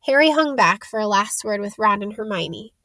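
A woman reading a novel aloud in a steady, clear storytelling voice. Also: mid-range voice, normal speed, no echo. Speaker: reader.

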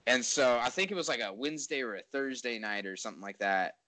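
A man's voice: medium pitch, quick pace, pushed and bright, low-quality recording. A man in casual storytelling chat, rambling and laid-back, swearing and laughing at himself.

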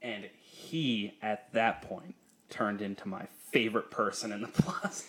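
A man's voice: fairly low pitch, fairly even intonation, unhurried, a bit bright. A young man co-hosting a podcast, telling a story in casual, profane chat and laughing often. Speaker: podcast co-host.

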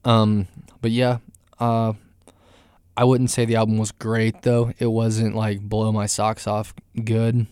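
A man's voice: on the low side, little pitch movement, slow, a little mellow, clean tone, dry recording, clean studio sound. A man hosting a casual solo music news podcast, rambling with many fillers and giving candid opinions. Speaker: podcast host.

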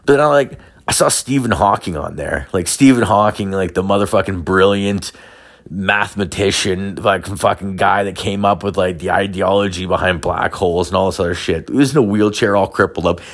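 A man's voice: low-pitched, brisk. A man hosting a solo podcast from home, telling a profane, rambling story full of filler words. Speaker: podcast host.

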